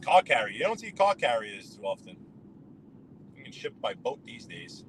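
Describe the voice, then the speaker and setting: A man's voice: mid-range voice, big pitch swings, moderate pace, fairly bright tone, poor audio. A man, chatting casually with live-stream viewers while driving, greeting them by name and rambling between topics. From New York. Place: inside a car on the road. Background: road and traffic noise.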